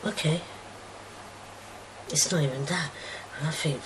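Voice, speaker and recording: A middle-aged woman giving a raw, emotional personal account to her daughter, swearing and acting out old arguments, swinging from loud outbursts to hushed whispers. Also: sits low, measured pace, long pauses, slight background noise, rough recording. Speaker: mother telling her daughter her story.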